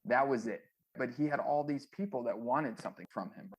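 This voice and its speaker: A man's voice: medium pitch, brisk, husky. A man, a former music manager, telling rambling stories with many fillers in a casual interview.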